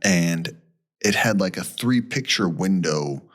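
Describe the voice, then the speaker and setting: A man with a low voice tells a story with lots of swing in his pitch. He rambles casually and acts out the people he quotes, as a podcast co-host would. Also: animated, takes it slowly.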